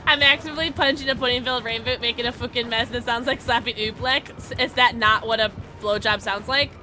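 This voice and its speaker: High-pitched giggly woman streaming games. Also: fairly quick, faint music behind. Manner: giggly, loud and excitable. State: high on edibles. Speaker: streamer and voice actor. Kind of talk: casual game livestream chat.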